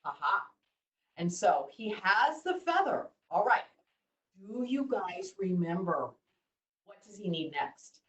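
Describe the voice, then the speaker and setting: A woman telling a story to children over a video call, in an animated way, asking them questions. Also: fairly low pitch. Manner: animated, asks the kids questions. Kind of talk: interactive storytelling for kids. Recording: roomy, distant mic.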